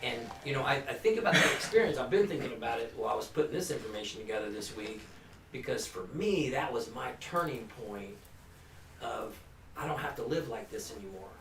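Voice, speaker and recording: A gravelly mid-range voice, expressive and fairly quick, belongs to a recovery counselor talking informally and earnestly to a family group in a meeting room. He restarts often and keeps saying "you know". The sound is echoey, with a distant mic and faint hum.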